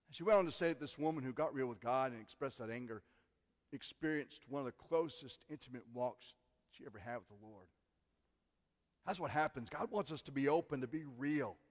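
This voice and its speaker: A man preaching a sermon as pastor, earnest, moving from loud emphasis to hushed asides. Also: medium pitch. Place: church sanctuary. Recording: long church hall reverb.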